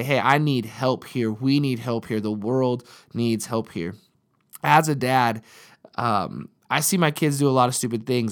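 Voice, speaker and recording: A man in his thirties preaching a sermon at a mid-range pitch. He talks in a relaxed, conversational way, tells stories and repeats his key lines for emphasis. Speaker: pastor.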